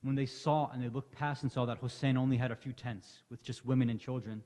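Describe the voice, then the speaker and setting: A man's voice: medium pitch, fairly even intonation, brisk, dark tone. A man delivering an impassioned Muharram sermon to a congregation, telling the story with rising emotion. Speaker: lecturer. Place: large hall at an Islamic center. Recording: long hall reverb.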